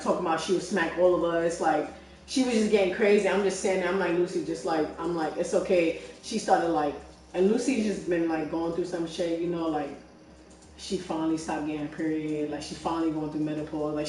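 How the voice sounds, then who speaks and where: Young New woman telling a story casually. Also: lowish voice. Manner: animated, profane, filler-heavy storytelling. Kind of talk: casual chat. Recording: echoey room, far from mic.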